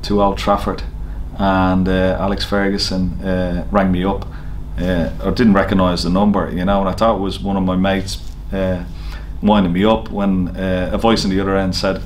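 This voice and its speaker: A man's voice: low-pitched, flat delivery, normal speed, few pauses, slight background noise. A man, a snooker player, casually telling an anecdote to camera with lots of fillers and easy laughter. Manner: chatty storyteller, frequent fillers and laughs. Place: snooker venue.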